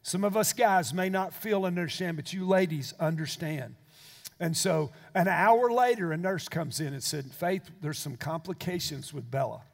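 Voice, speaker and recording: Older male pastor, high voice, sermon storytelling that builds to fervent preaching, long hall reverb. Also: normal speed, vocal fry.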